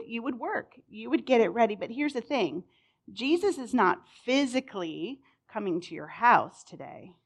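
A young woman teaching a casual Bible lesson, chatty and animated, with many fillers. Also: mid-range voice. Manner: chatty, frequent "like", animated storytelling.

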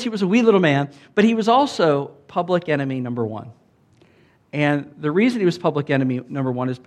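A man preaching a sermon in a loose, conversational way, often asking the congregation "Amen?" and filling with "like". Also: a little high. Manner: conversational, animated preaching with many "like"s and calls of "Amen?". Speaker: pastor.

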